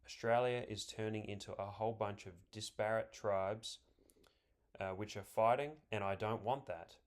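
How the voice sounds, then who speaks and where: A man delivering scripted political commentary, reading quotations aloud in a measured, deliberate way and stressing key words. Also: on the low side, fairly even intonation.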